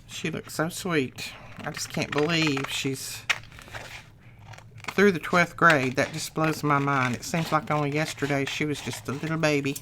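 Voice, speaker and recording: A crafting channel host, an older woman, talks in a deep, steady voice at a slightly slow pace, with background noise present. She chats in a casual, folksy way, thinking aloud as she works through a tutorial.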